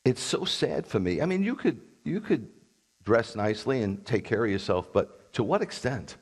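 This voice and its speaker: A man's voice: medium pitch, very animated, moderate pace, breathy edge. Blunt, combative man preaching a sermon. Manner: blunt, combative, sarcastic asides. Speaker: rabbi.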